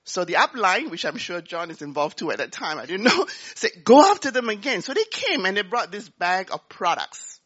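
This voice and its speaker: A woman giving a talk, telling a personal story in an animated way and acting out the dialogue. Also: on the low side, moderate pace, few pauses, slightly rough, highs cut off. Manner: animated, acts out dialogue, laughs often. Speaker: business speaker.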